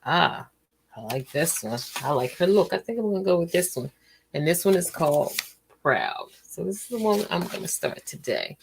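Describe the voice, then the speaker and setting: A woman hosting a relaxed livestream at home, chatting casually with lots of fillers, tired and yawning. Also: lowish voice, moderate pace, gravelly, slight background noise. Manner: rambling and chatty, trails off with fillers. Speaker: host of a relaxing stream.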